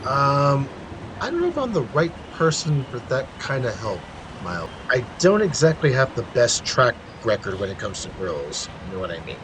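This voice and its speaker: A man voicing a shy young male hero who talks quietly and stammers, in a fan audio drama. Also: mid-range voice, wildly swooping pitch, moderate pace, background noise. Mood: subdued.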